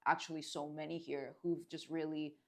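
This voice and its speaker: A woman's voice: sits low, flat delivery, moderate pace, a little mellow. A woman guest, a dance event organizer, talking earnestly in a casual interview and using many filler words.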